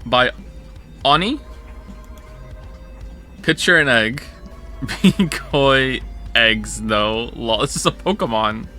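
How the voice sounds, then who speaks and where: Brief: male streamer, bright forceful tone, jokey, restarts a lot, faint music under him. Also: medium pitch, animated, slow, long pauses. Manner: rambling, self-correcting, jokey. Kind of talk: casual stream chat.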